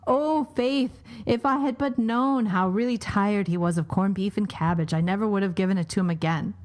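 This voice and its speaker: A woman voicing a weeping Irish widow in a told joke, with a high, lilting storytelling voice. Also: moderate pace, darkish tone, natural voice. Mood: mournful.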